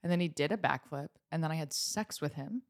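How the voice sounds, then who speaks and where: A woman's voice: low-pitched, a little fast, creaky. A young woman from the States co-hosting a podcast, trading teasing jokes and dry asides in a casual chat. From United States. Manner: playful, deadpan jokes, teasing. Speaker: podcast co-host.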